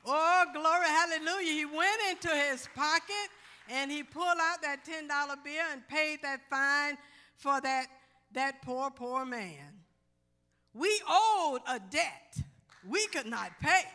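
A woman pastor preaching with fervor, her very high, bright voice unhurried and drawn out. Her repeated phrases ring through a reverberant church sanctuary. Faint music plays underneath. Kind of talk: sermon.

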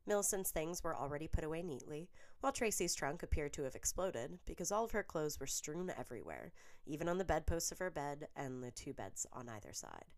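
A woman narrating a piece of fan fiction in steady storytelling. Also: low-pitched, a little fast.

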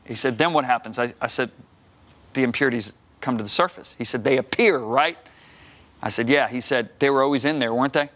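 A middle-aged man, a guest minister, telling a personal testimony on a talk show, acting out the dialogue and rising loud when emphatic. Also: medium pitch, fairly quick. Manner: acts out quoted dialogue.

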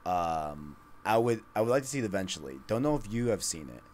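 A man co-hosting a casual gaming podcast, rambling and excitable, filling his talk with "like" and "you know". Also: lowish voice, brisk. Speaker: podcast co-host. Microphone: studio microphone.

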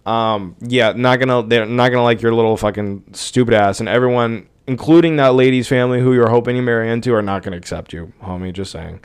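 Young man, podcast host, casual rant, rambling, profane, exasperated, smooth resonant voice. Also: mid-range voice.

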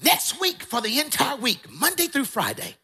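A man playing a booming old church elder. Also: huge pitch swings, normal speed, slightly rough, heavily acted. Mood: commanding. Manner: preachy, emphatic, rising to shouts. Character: older male church elder, strong commanding voice.

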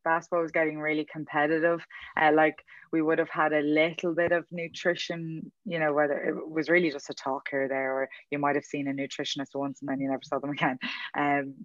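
This podcast guest is a young Dublin woman whose deep voice comes across flat and fairly quick in a casual interview chat. She rambles, pokes fun at herself and laughs a lot, and the recording has no room sound, making her sound dull and muffled.

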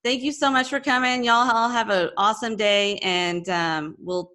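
A woman with a Texan accent hosts a casual podcast chat. She talks at a mid pitch, rambling and restarting her sentences. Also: fairly even intonation, moderate pace, pushed and bright. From grew up in Texas. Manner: chatty, rambling, with many restarts and laughs. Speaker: podcast host.

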